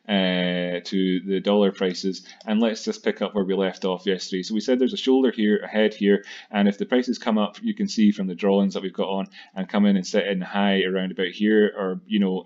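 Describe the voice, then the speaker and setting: Male chart-analysis host, rushed and full of restarts, low flat delivery on dull lo-fi audio. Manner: fast-talking, with many fillers and self-corrections. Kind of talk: screen-share technical analysis commentary.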